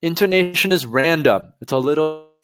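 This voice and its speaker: A man teaching test preparation on a live stream, talking straight to viewers in an energetic, direct way. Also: a little high, moderate pace, smooth.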